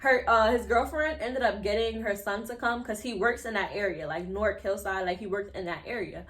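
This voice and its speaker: A young woman from New telling a story to her viewers in a chatty, animated way, full of fillers. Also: mid-range voice, brisk. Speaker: vlogger. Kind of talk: casual storytime to camera.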